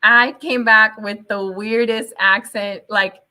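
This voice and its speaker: Bright-voiced woman telling lively stories. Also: mid-range voice, takes it slowly. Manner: animated storytelling, laughs often, switches into Spanish. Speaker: teacher guest. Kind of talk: casual interview chat.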